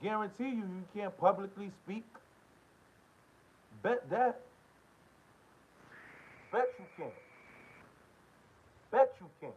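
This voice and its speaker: A man's voice: high-pitched, expressive, takes it slowly, long pauses, a little mellow, breathy edge. An American man hosting a political commentary channel, delivering a heated, confrontational monologue full of profanity and repeated short questions. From United States. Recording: dull lo-fi audio.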